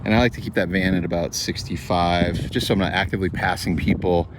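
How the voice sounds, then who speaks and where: A man's voice: low voice, steady tone, quick pace. A man talking casually in a rambling, matter-of-fact way, narrating his travel vlog from the road. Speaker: cinematographer vlogger. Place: outdoors by a van on the road. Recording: noisy outdoor traffic ambience.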